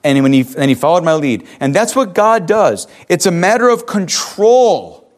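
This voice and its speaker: An earnest male pastor preaching a sermon in a slightly high voice. He pushes up into emphatic questions, then drops low and quiet when he tells a story. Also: big pitch swings, moderate pace. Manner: earnest, rising to emphatic questions, dropping soft for stories.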